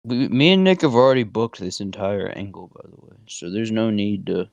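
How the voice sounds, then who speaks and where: A man's voice: on the low side, normal speed, gravelly, no room sound, dull audio. Joking man, dry close podcast voice. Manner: joking, swearing, deadpan asides. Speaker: podcast co-host. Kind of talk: casual chat.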